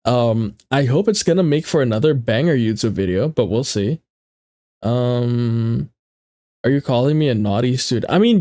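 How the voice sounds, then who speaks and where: A man's voice: mid-range voice, a little mellow, no echo. A young man streaming casually, chatting playfully with his viewers and often repeating himself, with a stuffy nose. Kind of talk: casual livestream chat with viewers.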